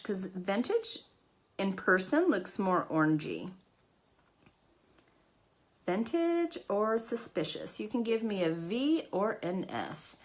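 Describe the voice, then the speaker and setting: A middle-aged woman hosting a casual live makeup tutorial, chatty and self-deprecating, greeting viewers by name. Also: medium pitch. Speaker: makeup livestream host.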